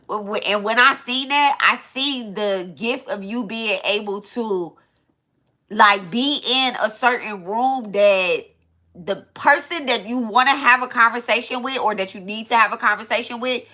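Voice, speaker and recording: A woman's voice: medium pitch, unhurried, pushed and bright. A woman giving a loose, casual spiritual reading to her viewers, swearing freely and restarting her sentences as she thinks aloud. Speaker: tarot reader.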